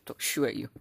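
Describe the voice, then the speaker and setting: A woman chatting playfully to her cats while filming them on a phone, teasing them with sudden high squeals. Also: creaky, husky. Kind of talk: casual chat to pets. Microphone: handheld phone.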